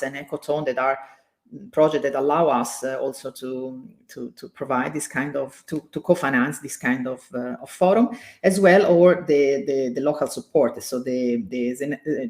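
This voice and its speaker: Halting woman giving a welcome speech. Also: a bass voice, steady tone, a little mellow. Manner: halting, many fillers and restarts. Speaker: president of the organization, opening host. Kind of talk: hesitant welcome speech with thanks.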